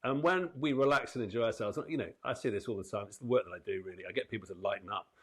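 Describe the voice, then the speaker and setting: A man's voice: fairly low pitch, very fast, a bit bright, breathy edge. A man hosting an interview podcast, asking his guest questions and chatting in a friendly, encouraging way. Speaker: podcast host. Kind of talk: casual interview chat.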